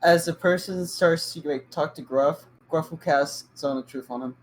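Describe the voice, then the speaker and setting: An offhand, chatty player at a tabletop game, speaking at an ordinary middle pitch. A faint hiss sits under the voice. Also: moderate pace.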